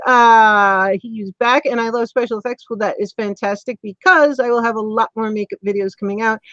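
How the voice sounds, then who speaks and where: A woman hosts a casual online interview, speaking in a somewhat high voice. She rambles, filling gaps with ums and restarting sentences. The audio is dull and lo-fi, with a dry, close sound. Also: a bit bright, no echo. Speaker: host.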